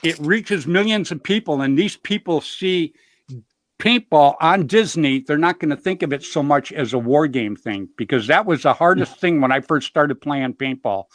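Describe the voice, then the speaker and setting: A middle-aged man hosts a show, his voice on the high side with lively intonation at a normal speed and no echo. He tells rambling, upbeat stories, says "you know" constantly, and jokes about himself in casual storytelling chat.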